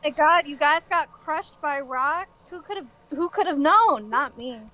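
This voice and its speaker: A woman's voice: sits high, takes it slowly, bright, forceful tone, no room sound. A woman player in a tabletop game, making wry jokes in casual chat. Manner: wry, joking.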